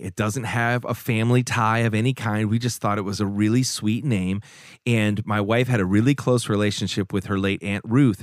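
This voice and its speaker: A man in his thirties hosting a faith podcast, talking earnestly to his listeners and growing soft and emotional when moved. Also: lowish voice, no echo, clean studio sound. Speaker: podcast host. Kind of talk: warm call-in podcast talk.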